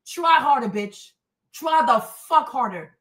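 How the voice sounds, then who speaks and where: A woman in her thirties hosting a livestream, ranting at her chat in a combative, profane, mocking way with loud, emphatic repetition. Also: high-pitched, lively intonation, takes it slowly. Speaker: livestream host.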